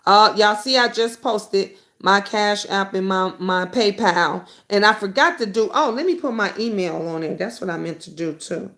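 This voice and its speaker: A woman's voice: medium pitch, normal speed, hardly any pauses. A middle-aged woman hosting a live stream, talking bluntly and reading viewer comments aloud, with the occasional swear. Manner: blunt and outspoken, swears freely; animated, jumps between comments and stories. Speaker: YouTube talk show host.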